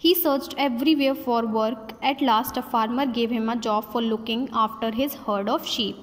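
A woman teacher reading a story aloud to her class, slowly, with slips and restarts. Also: fairly high pitch. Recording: long hall reverb.

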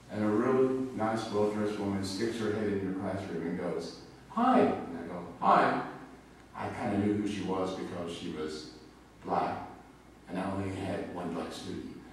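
Male pastor, low voice, chatty anecdotal sermon; distant mic in a very echoey church with faint noise. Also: fairly even intonation, measured pace, darkish tone. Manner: conversational storytelling with personal anecdotes. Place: church sanctuary.

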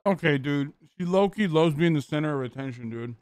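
High-voiced man, blunt streamer chatter. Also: animated, brisk, a little mellow, a little hiss or hum. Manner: blunt, swears freely, lots of "like" and "dude". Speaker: streamer reacting to a reality show. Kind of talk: casual reaction commentary.

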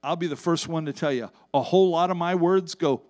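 Preaching man with a high, lively voice. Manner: preaching with wide swings in pitch and loudness, drawn-out emphasis; acts out quoted voices in Bible stories, casual asides to congregation. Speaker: pastor. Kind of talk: sermon. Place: church sanctuary, on stage.

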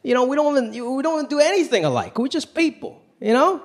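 This male comedian's voice is extremely high and swings widely in pitch as he talks fast, mixing punchy conversational delivery with exaggerated impressions. It's a live stage recording from a large theater, where a loud audience laughs and applauds.

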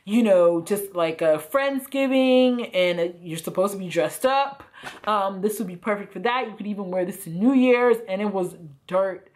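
Woman, fashion vlogger, casual haul chat, lots of "like" and "you know", slightly hoarse. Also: medium pitch, normal speed, darkish tone. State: slightly hoarse, croaky throat.

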